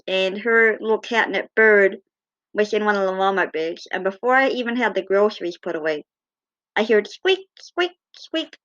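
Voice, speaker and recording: Fond woman telling gentle stories. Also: medium pitch, muffled recording. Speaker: cat owner. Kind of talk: casual personal storytelling.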